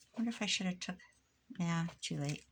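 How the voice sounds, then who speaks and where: A woman's voice: lowish voice, a little fast, slight background noise. A middle-aged woman from Iowa chatting casually as she works on a craft project at home, wandering off on tangents. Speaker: crafter vlogger. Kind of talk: casual chat while crafting.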